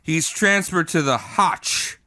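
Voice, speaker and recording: A man's voice: on the high side, slow, bright, forceful tone. A man hosting a comedy history podcast, telling the story in a loose, crude, joking way. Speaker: podcast host.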